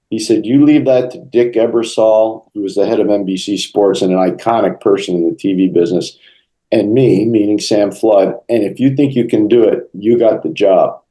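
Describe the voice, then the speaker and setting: A middle-aged man in an interview, telling lively stories and acting out the quotes. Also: fairly low pitch, rough recording. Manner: animated storyteller, acts out quotes. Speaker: interview guest, hockey broadcaster. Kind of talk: storytelling interview answers.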